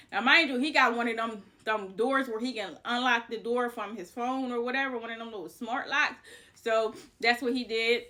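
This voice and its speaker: A woman vlogger casually telling a personal story, animated and chatty, with frequent fillers and swearing. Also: fairly high pitch, normal speed. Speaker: vlogger, house painter.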